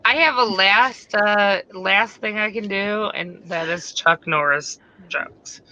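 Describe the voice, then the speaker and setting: A woman co-hosting a casual livestream, reading facts and jokes in a soft, slow, mock-ASMR voice. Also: mid-range voice, lo-fi sound.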